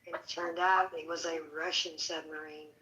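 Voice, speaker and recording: A woman's voice: deep voice, level tone, moderate pace, pushed and bright, rough recording. A woman calling into a livestream discussion, speaking hesitantly with many ums.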